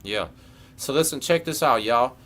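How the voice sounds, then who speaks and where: Man, middle-aged, podcast host; casual, profane, animated storyteller, mid-pitched. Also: moderate pace. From Texas. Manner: animated, profane prison storytelling with acted quotes.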